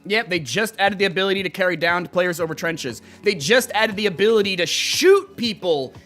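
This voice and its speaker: A man's voice: sits high, lively intonation, moderate pace, a bit bright, soft background music. A young man livestreaming, chatting casually and rambling, swearing freely as he reacts to clips and reads chat. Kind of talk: casual live-stream chat.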